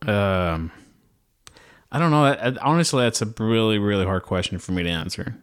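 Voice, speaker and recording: A man's voice: lowish voice, lively intonation, normal speed, clear, resonant tone. A man chatting casually as a podcast guest, rambling with many fillers and restarts. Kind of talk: casual chat.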